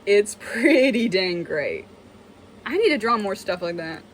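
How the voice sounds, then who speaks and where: A woman's voice: medium pitch, unhurried, slight background noise. A young woman giving a casual, self-mocking tour of her old sketchbook as a vlogger. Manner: chatty, self-mocking, animated. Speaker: artist and vlogger.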